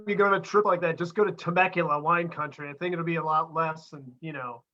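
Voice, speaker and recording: A man's voice: fairly high pitch, steady tone, quick pace, bright, forceful tone, faint music behind. A man hosting a comedy show, bantering easily and chuckling over a video call. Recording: dull, slightly noisy video call audio.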